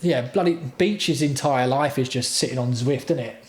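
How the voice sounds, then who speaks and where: Male streamer, mid-pitched, sarcastic sweary rant, echoey room. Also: normal speed, a little mellow. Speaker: livestream host. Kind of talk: casual livestream rant.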